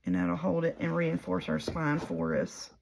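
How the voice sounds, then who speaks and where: A woman's voice: deep voice, big pitch swings, moderate pace, gravelly, noisy background. A woman chatting casually through a paper craft tutorial, rambling in a folksy way and talking through her own mistakes as she works. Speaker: paper crafter demonstrating a project.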